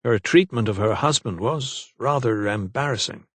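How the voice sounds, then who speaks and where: A man voicing a young gentleman doctor in an audiobook, courteous, wry and teasing. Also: medium pitch, moderate pace, breathy edge, dry recording, natural voice. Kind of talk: audiobook character voice.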